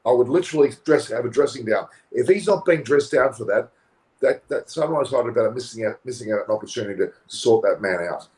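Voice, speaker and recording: Fast-talking and lively in intonation, this Australian man argues on a post-match cricket panel with force and indignation, doubling up words when riled. His voice is medium-pitched and the audio is poor.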